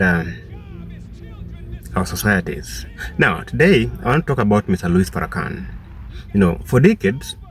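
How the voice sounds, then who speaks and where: A man hosting his own channel, giving casual commentary with a relaxed, filler-filled delivery. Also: low-pitched, slightly rough, recorded from a distance. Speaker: channel host.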